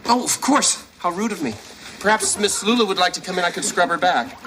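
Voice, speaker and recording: A man's voice: on the low side, expressive, normal speed, heavy background noise, natural voice. An actor playing a wry, dry-witted father in a studio sitcom, delivering teasing wisecracks. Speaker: sitcom lead.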